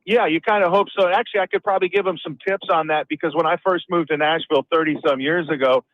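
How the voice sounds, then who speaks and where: A man's voice: a little high, fairly even intonation, fast, no echo. A man from the Upper Midwest calling in to a sports radio show, joking in a folksy way. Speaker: caller. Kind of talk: radio call-in. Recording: dull call-in phone line.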